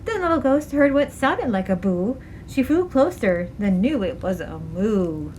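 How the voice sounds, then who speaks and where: A woman librarian reading a rhyming story aloud to children, with an animated read-aloud manner. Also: mid-range voice, unhurried, hardly any pauses, slight background noise, low-quality recording.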